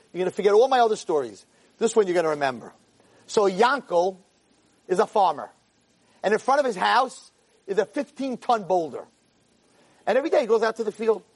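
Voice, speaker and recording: A man giving an inspirational Torah talk, an animated storyteller who acts out the voices of the people in his stories. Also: on the high side, breathy edge. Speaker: Torah lecturer.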